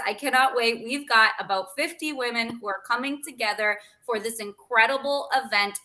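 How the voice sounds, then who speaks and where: A Canadian woman hosting a panel, her voice bright and a touch high. She sounds enthusiastic and promotional as she talks up an event. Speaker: host. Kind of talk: upbeat summit panel hosting.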